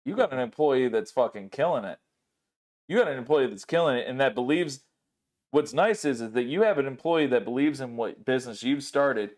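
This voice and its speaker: This male podcast host has a mid-range voice and talks fairly quickly. Chatting casually, he tells stories with plenty of profanity and acts out the people in them with real animation.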